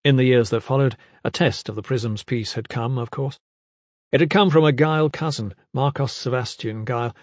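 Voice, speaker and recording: Male audiobook narrator, mid-pitched, measured and dramatic, dry studio read. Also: a little mellow, no echo. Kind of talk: scripted narration.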